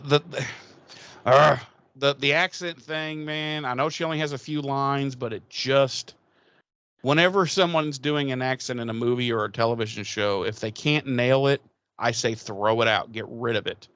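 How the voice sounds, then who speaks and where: A man co-hosting a casual podcast, talking in an animated, rambling way with many restarts. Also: medium pitch, clear, resonant tone, no room sound. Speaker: podcast co-host. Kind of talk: casual chat.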